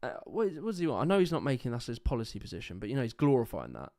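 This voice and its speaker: A young man hosting a livestream, his voice sitting at an ordinary middle pitch. He rants in a loose, sarcastic, exasperated way and swears freely. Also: wildly swooping pitch, racing, warm tone. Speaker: livestream host reacting to clips. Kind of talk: casual ranting commentary.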